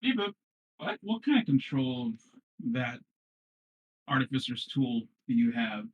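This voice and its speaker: A man's voice: medium pitch, animated, unhurried. A man playing a tabletop game chats and jokes with the table. His voice comes through a tinny, phone-like line. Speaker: player. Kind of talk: casual game table chat.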